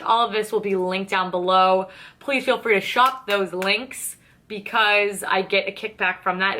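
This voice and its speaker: Bright, sarcastic young woman vlogger. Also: medium pitch. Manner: candid, sarcastic, swears freely, acts out both sides of dialogue. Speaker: beauty vlogger. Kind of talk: casual chatty get-ready-with-me storytelling.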